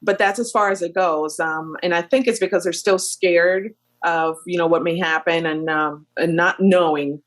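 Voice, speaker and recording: A woman airline captain in her thirties tells her story as a podcast guest. Her voice sits on the low side. She talks in an animated way, with plenty of fillers as she goes. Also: moderate pace. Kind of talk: storytelling interview chat.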